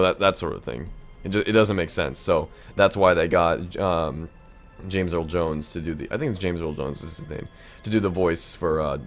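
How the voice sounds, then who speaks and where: A man chats through his gameplay in a loose, joking, rambling way. His voice sits low. Faint game music plays behind him. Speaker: gaming YouTuber. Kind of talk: casual gameplay commentary.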